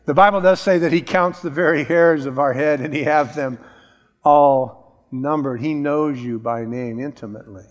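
A man's voice: on the high side, normal speed, in a large hall. A middle-aged man preaching a sermon as a pastor, emphatic and repeating key phrases.

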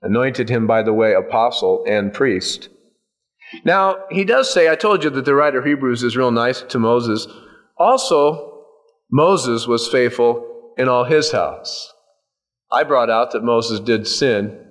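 A man's voice: mid-range voice, expressive, measured pace. Folksy preacher man teaching scripture. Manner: conversational, folksy asides and humor. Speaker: pastor. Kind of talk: sermon.

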